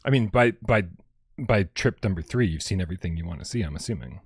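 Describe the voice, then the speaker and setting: A man's voice: low voice, lively intonation, fast talker, husky, dry recording, clean studio sound. A man co-hosting a casual gaming podcast, joking around and rambling with restarts. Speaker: co-host.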